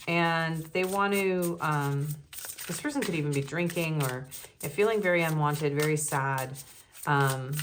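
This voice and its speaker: A woman's voice: sits low, background noise. A woman giving a casual tarot reading, chatty and giggly, with many ums and likes. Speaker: tarot reader.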